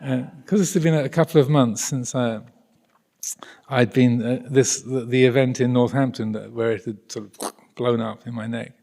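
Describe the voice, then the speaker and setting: A man's voice: mid-range voice, fairly even intonation, normal speed, gravelly, a little mellow. Rambling, hesitant Englishman telling a story. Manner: rambling, hesitant, many restarts, chuckling. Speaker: speaker addressing an audience. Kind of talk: anecdotal spiritual talk.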